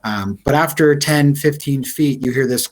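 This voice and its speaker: Man, game master, tabletop narration, filler-heavy, mid-pitched voice. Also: normal speed, rough recording. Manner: descriptive, hesitant with many fillers.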